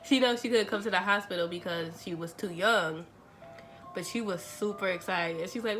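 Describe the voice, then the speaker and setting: A young woman, telling a story to her vlog audience in a chatty, animated way, acting out the dialogue. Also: on the low side, normal speed, faint music behind. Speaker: vlogger. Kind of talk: casual storytelling.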